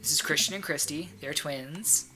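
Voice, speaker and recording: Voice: mid-range voice, moderate pace, background noise, lightly acted. A reader voicing a cheerful, eager dad greeting guests at a party, over music. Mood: welcoming. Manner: warm, eager. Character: cheerful welcoming dad host.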